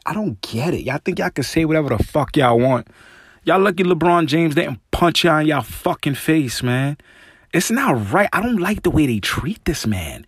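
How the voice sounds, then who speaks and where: A man's voice: fairly high pitch, very animated, moderate pace, slightly rough, no echo, studio quality. A man hosting his own podcast alone, in loose casual speech full of "man" and "you know", getting heated and emphatic when he rants. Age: adult with young children. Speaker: podcast host. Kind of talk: casual solo podcast talk.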